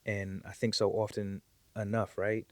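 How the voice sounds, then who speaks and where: A man's voice: fairly low pitch, level tone, a little slow, no room sound. A man talking as a guest on a podcast in a casual, heartfelt conversation, earnest and reflective, often repeating words as he gathers his thoughts.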